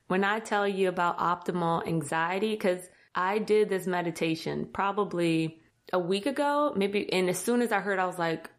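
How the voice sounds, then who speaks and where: A woman hosting a casual talk, telling a funny story to her listeners and acting out her own panicked thoughts in a jumping, higher voice. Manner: animated, self-mocking, acts out her own thoughts in a higher voice; talks directly to listeners as "y'all". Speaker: podcast host.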